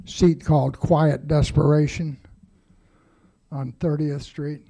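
An older man tells his recovery story in a gravelly, slightly raised voice. His tone is mellow and dark, and he talks in a blunt, wry, plain-spoken way, with some swearing. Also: on the high side, little pitch movement, slow. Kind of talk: personal storytelling to a group.

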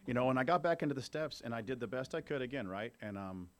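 A man's voice: medium pitch, expressive, quick pace. A man in his fifties giving a candid personal recovery testimony to a group, talking conversationally and checking in with his listeners. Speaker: speaker at a recovery meeting.

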